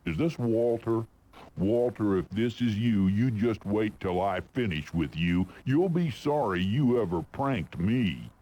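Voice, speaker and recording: An actor playing a suspicious, grumbling guard who talks in a folksy drawl. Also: male voice, on the low side, animated, unhurried, mellow, a little hiss or hum. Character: gruff suspicious male guard on phone.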